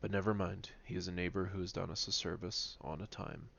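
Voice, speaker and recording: A man's voice: low voice, level tone, fairly quick, creaky, fairly bright tone, lo-fi sound, exaggerated voice. A man voicing an eager, earnest young sailor in a read-aloud novel, speaking urgently.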